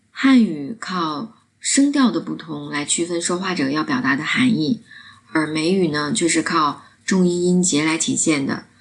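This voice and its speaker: Lady walking through pronunciation steps, clear and instructive, lower voice. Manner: clear, instructive, demonstrates sounds. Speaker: pronunciation teacher. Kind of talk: explaining pronunciation.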